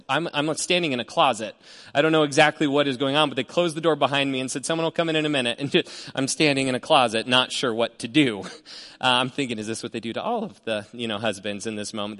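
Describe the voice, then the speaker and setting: A man's voice: mid-range voice, fairly bright tone. A man preaching as a pastor, telling a personal story with self-deprecating humor. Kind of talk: sermon storytelling. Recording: long reverb of a large hall.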